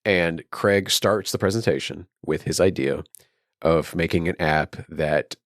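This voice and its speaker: Brief: young man, podcast co-host, very low voice, dry close sound, lively plot recap with character voices. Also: unhurried, no echo. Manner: animated retelling, acts out characters in raised voices. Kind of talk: casual film discussion.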